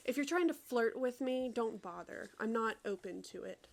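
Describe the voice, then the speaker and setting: An aloof, irritable teenage boy wizard who brushes everyone off, read aloud by a woman. The delivery is flat and plain, with no accent put on, and sounds more like someone reading from a screen than acting. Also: fairly high pitch, normal speed, vocal fry, a little hiss or hum. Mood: dismissive. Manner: sighing, dismissive, read aloud from a chat.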